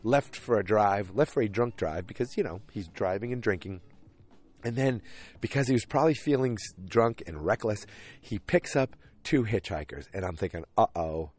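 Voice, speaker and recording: Rambling low-voiced man recapping an episode. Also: animated, moderate pace, darkish tone. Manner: rambling, many fillers and restarts.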